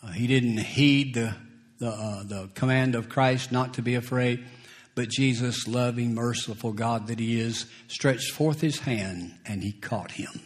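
A man preaching a sermon, slow and deliberate, who chuckles between points and acts out scripture quotes. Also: mid-range voice.

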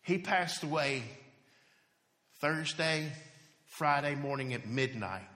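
Man, hospice chaplain, storytelling sermon, animated then hushed, bright and forceful tone, reverberant hall. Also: on the high side, takes it slowly. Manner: storytelling, animated, drops to near-whisper at emotional points.

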